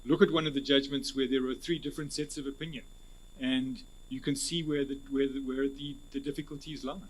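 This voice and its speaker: A South African man, an advocate, giving measured, formal answers at an interview panel, restarting phrases as he thinks. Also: medium pitch, fairly even intonation. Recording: husky, poor-quality hearing recording.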